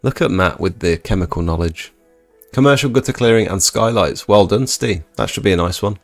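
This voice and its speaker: A young man hosting a live stream, reading chat and chatting in a laid-back, low-energy way. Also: brisk, dry recording, soft background music. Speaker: livestream host reading chat.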